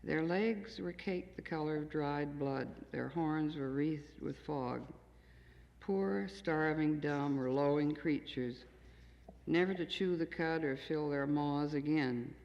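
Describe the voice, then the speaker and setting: Gravelly older woman reading poems in a hall. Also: sits low. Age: 60s. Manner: plain, understated, measured reading. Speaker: poet reading her own work. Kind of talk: poetry reading to an audience. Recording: dull 1970s tape in an echoey hall.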